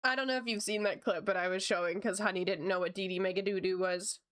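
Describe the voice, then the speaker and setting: A woman's voice: medium pitch, steady tone, fast, a bit bright, dry recording, clean studio sound. A woman chatting casually with her stream while drawing, often breaking into laughter. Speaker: art streamer.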